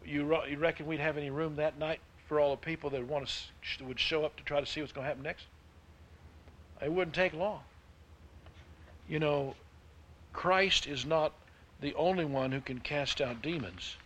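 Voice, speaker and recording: A man preaching a sermon, with emphatic delivery that swings between hushed and loud. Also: on the high side, moderate pace, pauses often, slight background noise. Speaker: pastor.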